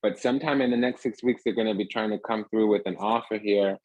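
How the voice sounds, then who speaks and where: A man's voice: fairly low pitch, steady tone, fast, darkish tone, no room sound, dull audio. A man giving a rambling, emphatic casual tarot reading, talking restlessly from card to card. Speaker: tarot reader.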